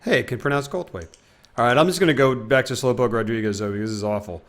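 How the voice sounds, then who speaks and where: Casting note: young male streamer, mid-pitched voice, loose chatty delivery reading chat. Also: fast talker. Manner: chatty, reads out chat and donations. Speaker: game streamer. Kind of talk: casual live-stream chat.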